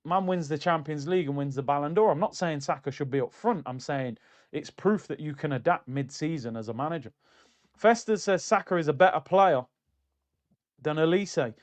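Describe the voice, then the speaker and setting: A man hosting a casual football livestream, talking in an animated, chatty way and answering comments from his chat. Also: a little high, moderate pace. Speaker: football streamer.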